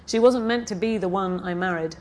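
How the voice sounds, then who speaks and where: A woman's voice: medium pitch, brisk, a little hiss or hum, lightly acted. A woman voicing a flustered, defensive young man facing his parents, reading aloud. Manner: hesitant, defensive.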